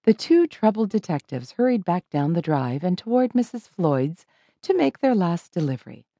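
A woman reading a children's audiobook with expressive, lively storytelling. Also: on the low side, moderate pace, no echo. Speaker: audiobook narrator.

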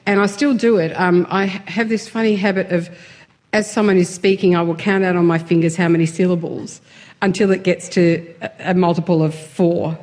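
A woman with a fairly low voice talks freely as an interview guest. She is chatty and self-deprecating and laughs often between her thoughts. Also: fairly even intonation, brisk, a little mellow. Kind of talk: casual interview conversation.

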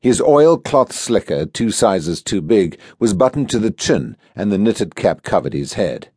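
A male audiobook narrator with a low voice that moves lively up and down as he tells the story. He reads in a measured, expressive way, close to the mic in a dry, dead studio sound. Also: breathy edge, no room sound. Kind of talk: scripted narration.

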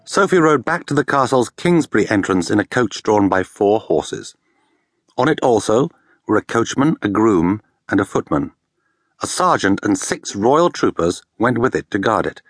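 Brief: male audiobook narrator, mid pitch, very lively delivery, dry studio recording. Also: normal speed, breathy edge, no room sound. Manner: expressive storytelling. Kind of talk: scripted narration.

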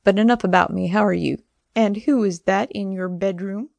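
A woman voicing a gruff, teasing older farmer father in an audiobook. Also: mid-range voice, normal speed, a little mellow, no echo, lightly acted.

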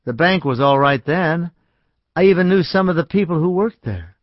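A man's voice: on the high side, expressive, moderate pace, no echo, pitched above the performer's own voice, close to an everyday voice. A man voicing an anxious young man who speaks earnestly and hesitantly, trying to stay careful. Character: anxious young man, hiding his identity. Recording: dry, slightly dull audiobook recording.

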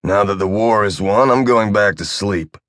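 A man's voice: on the low side, moderate pace, a bit bright, no echo, close to an everyday voice. A man voicing a tired, sarcastic male officer who is on medication. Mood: sardonic. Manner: dry, sarcastic. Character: sardonic, weary male officer under medication.

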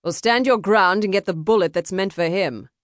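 A woman doing a snarling, scornful gentleman duelist. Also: mid-range voice, normal speed, no room sound, clean studio sound, pitched above the performer's own voice, close to an everyday voice. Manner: snarling and contemptuous.

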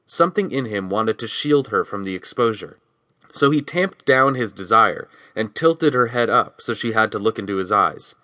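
A man reads a novel aloud in steady, even storytelling. His voice sits a little low yet sounds bright and forward, recorded dry and close with no room sound. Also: moderate pace, dry recording. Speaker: audiobook narrator. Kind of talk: scripted narration.

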